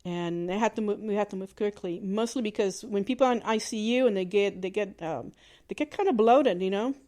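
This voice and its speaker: Woman podcaster talking thru a family story, halting, lots of restarts, kinda blunt, mid pitch. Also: dark tone. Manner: halting, conversational, frequent restarts and fillers; candid and plainspoken, with mild swearing. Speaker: podcast host. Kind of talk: personal storytelling.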